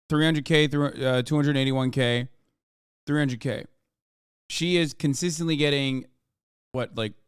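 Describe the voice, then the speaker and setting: A man streaming casual reaction commentary, rambling with fillers and swearing, turning loud and heated when he rants. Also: mid-range voice, clean tone, no echo, studio quality. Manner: profane, rambling, with frequent fillers.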